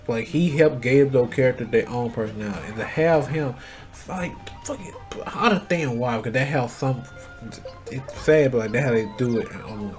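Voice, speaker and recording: A man in a casual, rambling rant, full of fillers and restarts, swearing freely and growing heated. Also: mid-range voice. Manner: grows loud and heated. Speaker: channel host. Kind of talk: casual rant about voice acting.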